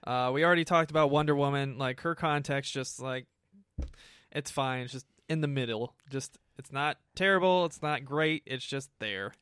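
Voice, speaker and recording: A man's voice: mid-range voice, normal speed, fairly bright tone, clean tone, dry recording. Profane ranting man reviewing a film. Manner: profane, ranting, laughs often. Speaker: movie review host. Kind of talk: casual film review chat.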